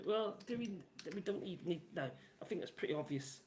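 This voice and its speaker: A man's voice: high-pitched, expressive, brisk, a little mellow, slight background noise. A man in his sixties rambling casually on a live stream and reading out chat messages while building a model. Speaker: livestream host.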